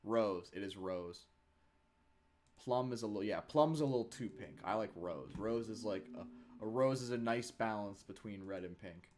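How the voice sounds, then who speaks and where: A man's voice: fairly low pitch, normal speed, a little mellow. A young man from Chicago co-hosting a live stream, teasing the chat in a casual, joking way. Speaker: stream co-host.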